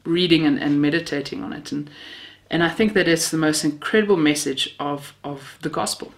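A woman's voice: sits low, moderate pace. A woman from Namibia, preaching a sermon built on personal stories, heartfelt with a self-mocking sense of humor.

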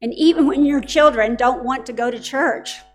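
A woman's voice: high-pitched, moderate pace, faint music behind. A middle-aged woman preaching a sermon to parents, telling stories in an earnest, direct way.

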